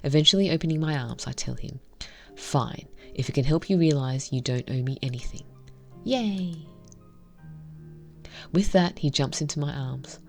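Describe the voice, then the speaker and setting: Low-voiced lady reading a visual novel out loud, soft and half whispery, faint music in the back. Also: brisk, creaky. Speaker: game reviewer.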